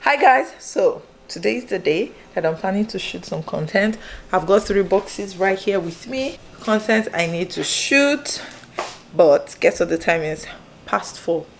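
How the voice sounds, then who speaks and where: A woman's voice: mid-range voice, lively intonation, a little slow, creaky, slight background noise. A woman, chatting casually to camera as a vlogger. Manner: chatty, talks straight to viewers. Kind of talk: casual vlog chat to camera.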